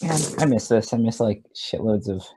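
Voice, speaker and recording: A man's voice: on the low side, animated, normal speed, over loud music. A man playing a tabletop game over an online voice call, rambling with lots of "like" and "um". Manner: rambling, full of "like" and "um". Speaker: player. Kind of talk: casual tabletop game play.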